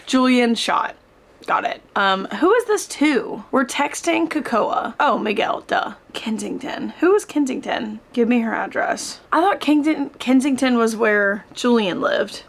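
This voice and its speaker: Young female book vlogger, raw and expressive, somewhat high voice, casual, camera close by. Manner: expressive, swears and laughs often. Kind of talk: casual reading vlog.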